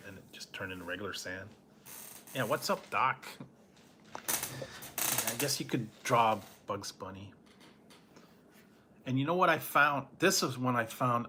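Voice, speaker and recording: A man with a medium-pitched, pushed and bright voice chats casually as a food reviewer reading live chat. He's nostalgic and rambling, trailing off and restarting, and chuckles often between remarks.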